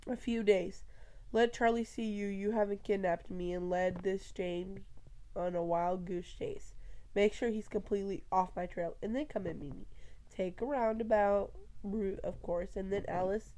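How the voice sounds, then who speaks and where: A woman's voice: medium pitch, steady tone, moderate pace, dark tone, a little hiss or hum, lightly acted. Stubborn teen girl pushing her plan, insistent, woman reading it, plain mid voice. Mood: persuasive.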